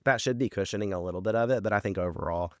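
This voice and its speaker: Rattling along very fast in a fairly low voice, a podcast co-host goes over a TV episode in a rambling, swear-filled chat loaded with fillers. The studio sound is clean and free of echo.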